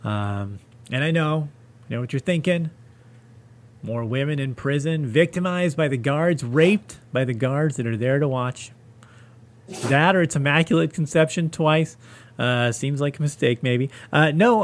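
A man's voice: fairly high pitch, measured pace. A man hosting a solo comedy podcast, ranting with profane sarcasm.

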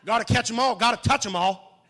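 A man with a very high-pitched, fairly bright voice trades crude, roast-style jokes in a comedy club, talking fairly quickly with a brash, punchy delivery. He's a stand-up comic appearing in a debate show.

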